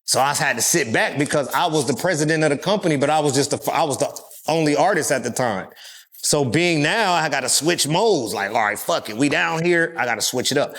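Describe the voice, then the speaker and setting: A man from California, telling stories as an interview guest, profane and animated, acting out other people's voices. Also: a little high, fairly quick. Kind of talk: casual storytelling.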